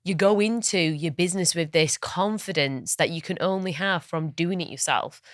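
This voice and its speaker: A woman co-hosting a podcast in casual chat, upbeat and quick to laugh, recorded in a studio. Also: fairly low pitch, no room sound. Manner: laughs often, upbeat and chatty. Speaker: podcast co-host.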